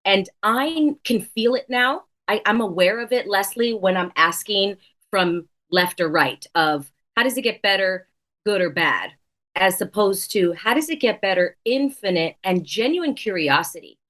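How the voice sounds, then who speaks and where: A woman's voice: mid-range voice, animated, unhurried, fairly bright tone. A woman speaking as a podcast guest in casual conversation. She sounds earnest and reflective, and she repeats key words to stress them.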